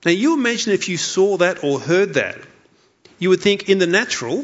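A man's voice: high-pitched, sing-song, normal speed. A man preaching a sermon as pastor, emphatic and repeating key lines for effect. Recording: dull lo-fi sound.

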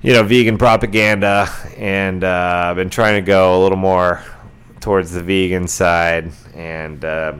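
A man's voice: low-pitched, fairly even intonation, unhurried, fairly bright tone, smooth. A middle-aged man hosting a casual solo podcast, rambling along with lots of fillers and restarts. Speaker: podcast host.

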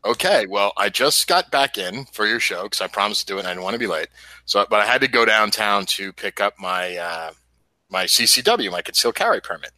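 Low, bright-toned male podcast guest. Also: animated, brisk, no room sound, poor audio. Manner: provocative, storytelling, laughs at own jokes. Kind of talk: casual podcast chat.

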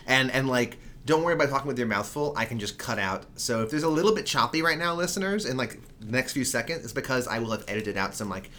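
A man's voice: mid-range voice, animated, quick pace, hardly any pauses, bright, forceful tone, a little hiss or hum. A man co-hosting a podcast in casual chat, rambling with lots of fillers and casual swearing, on a studio mic. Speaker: podcast co-host.

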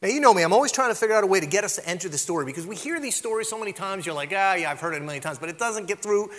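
A man's voice: high-pitched, lively intonation, racing, fairly bright tone. A middle-aged man preaching a sermon, telling self-deprecating stories in a conversational way, often tossing in "right?" to the congregation. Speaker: pastor. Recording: long hall reverb.

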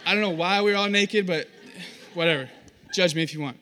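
There's a slight hiss or hum behind this young man's fairly quick, high voice as he preaches. He makes fun of himself and performs different voices while telling animated stories.

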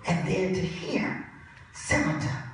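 A woman preacher delivering a sermon with impassioned delivery, dropping to a hush and rising to shouts, in a large church. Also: fairly low pitch, sing-song, slow pace, vocal fry, a little hiss or hum. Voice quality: impassioned, swings from hushed to shouted. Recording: echoey church hall from far off.

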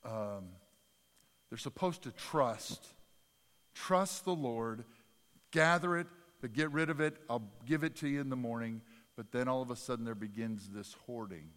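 Animated preacher in a reverberant hall. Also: male voice, medium pitch, measured pace. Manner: animated preaching, swings from soft asides to loud emphatic bursts; folksy, self-deprecating humor. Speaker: pastor. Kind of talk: sermon.

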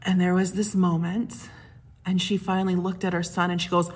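A woman pastor giving a sermon, telling personal stories in a gentle, unhurried way with soft, hushed moments. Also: fairly low pitch, flat delivery, husky.

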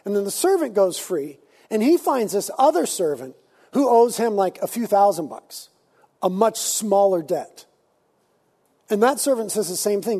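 A man preaching a sermon in an animated, conversational way, slipping into casual slang. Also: high voice, moderate pace, husky. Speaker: pastor.

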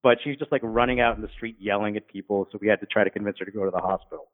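A man casually recounts stories from his ambulance shifts, jumping into high, squeaky voices to play the people he met. His voice comes through thin and tinny, like a phone line. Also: racing. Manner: animated, acts out drunk patients in high voices. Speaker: guest, former paramedic. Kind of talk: casual storytelling.

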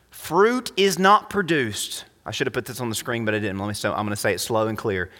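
A man preaching a sermon as pastor, emphatic, swinging between loud high phrases and quiet low ones. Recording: long reverb of a hall.

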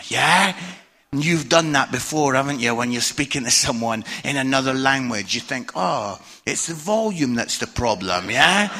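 High bright Scottish preacher. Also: male voice, breathy edge. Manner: conversational storytelling, tag questions like "yeah?"; swings from hushed to loud. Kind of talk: sermon. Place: church hall with audience.

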